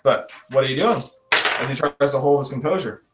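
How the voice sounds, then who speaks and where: A man acting as dungeon master, briskly narrating and asking players for rolls. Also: mid-range voice, roomy sound, very noisy. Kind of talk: narrating a tabletop game.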